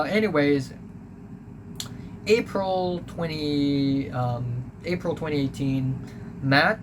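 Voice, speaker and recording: A young man vlogs a recap of his school life, his voice sitting on the high side. He tells the story casually, rambling along with plenty of ums and uhs in an offhand, blunt way. It's a home recording with a steady hum in the background.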